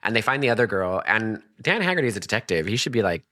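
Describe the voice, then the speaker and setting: A woman's voice: extremely low pitch, sing-song, fast talker, fairly bright tone, no echo, studio quality. A woman co-hosting a podcast, recapping a movie in casual, profane chat and acting out the characters in mock voices. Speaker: podcast co-host.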